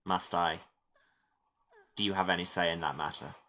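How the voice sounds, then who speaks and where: A man's voice: deep voice, steady tone, moderate pace, pushed and bright. A man with an English accent giving sardonic, rambling commentary while playing a video game. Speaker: let's play host. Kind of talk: let's play commentary.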